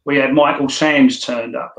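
A man's voice: medium pitch, fairly even intonation, moderate pace, a bit bright. A middle-aged man, telling his story as a guest in a casual, blunt way, swearing often and stumbling over restarts. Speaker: interview guest. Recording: echoey room.

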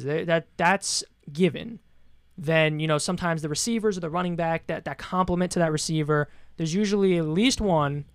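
A man's voice: a little high, clear, resonant tone, dry recording, studio quality. A man co-hosting a casual sports podcast, talking in a loose, rambling way. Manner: rambling, lots of fillers and restarts. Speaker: podcast co-host.

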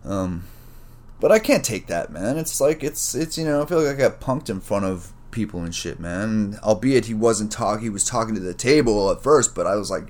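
A man with a very low voice tells a personal story in a casual solo monologue. He rambles and swears freely and keeps dropping "man" and "bro" into his sentences. As he reflects on what happened, he gets worked up again. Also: lively intonation, normal speed. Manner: rambling, profane, streetwise slang, says "man" and "bro" a lot.

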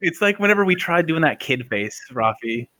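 A man's voice: on the high side, very animated, moderate pace, background noise. A young man in his late twenties co-hosting a podcast, telling silly stories and giggling. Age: young adult. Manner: joking, giggly storyteller. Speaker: podcast co-host. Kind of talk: casual chat.

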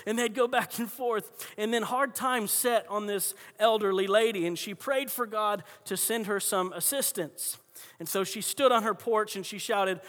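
Bright, high-voiced preacher in a reverberant hall. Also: male voice, normal speed. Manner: conversational storytelling with frequent restarts. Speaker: pastor. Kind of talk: sermon.

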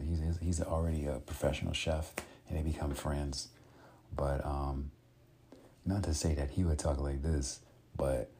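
A man vlogging in a casual, rambling way, with many pauses and restarts. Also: very deep voice, dark tone, husky. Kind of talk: casual chat.

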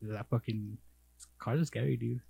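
A man's voice: mid-range voice, fairly even intonation, moderate pace, vocal fry, dark tone, a little hiss or hum. A man co-hosting a podcast in casual chat, laid-back and agreeable, using loose slang. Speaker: podcast co-host.

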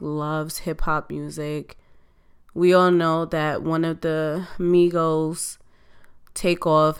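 A woman hosting a podcast in casual chat, her voice slightly hoarse and still recovering, speaking in a conversational, reflective way. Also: low voice, a bit bright. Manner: conversational, reflective, drawn-out delivery. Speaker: podcast host.

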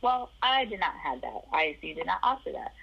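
A woman's voice: on the low side, big pitch swings, a little fast, vocal fry, slightly rough, muffled recording. A woman from the Chicago area telling her life story in an interview, acting out the voices of the people in it.

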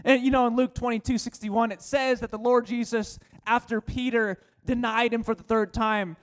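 A male pastor preaching a sermon, slowing down to stress key phrases. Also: flat delivery, clean tone. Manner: preaching with slowed, emphatic phrases and dropping to a low voice for quotes.

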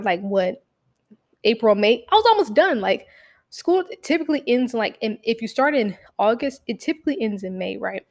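A young woman telling a casual story about her own life, profane and animated, full of fillers and acted-out quotes. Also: mid-range voice.

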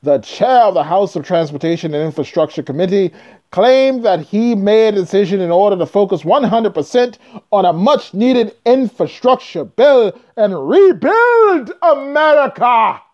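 The host of a trucking channel offers casual commentary on news, reading stories aloud before veering into blunt, profane rants. His voice sits high and dark, with lively intonation at a moderate pace, and the recording sounds dull and lo-fi.

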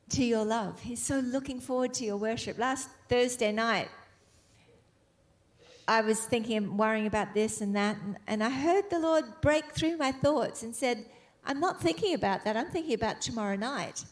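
Fervent female preacher, high voice, builds from hushed phrasing to loud passionate peaks. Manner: fervent, building to emphatic exclamations. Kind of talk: sermon.

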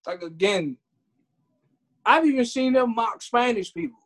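A woman's voice: fairly high pitch, a little slow. A woman co-hosting a podcast, chatting casually and acting out voices as she tells stories. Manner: animated storytelling, acts out other people's voices. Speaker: podcast co-host. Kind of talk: casual chat.

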